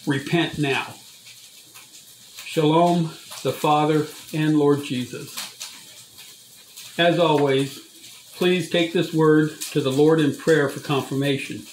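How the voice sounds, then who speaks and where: A man's voice: a little high, steady tone, takes it slowly, darkish tone, slight background noise. Solemn man reading prophecy, echoey room. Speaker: channel host sharing prophecy. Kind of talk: solemn read-aloud prophetic message.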